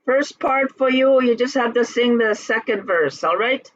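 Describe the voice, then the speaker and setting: Over a video call, a language teacher runs an online class in a relaxed, halting manner with plenty of fillers. The voice is mid-range, and the recording is dry and muffled.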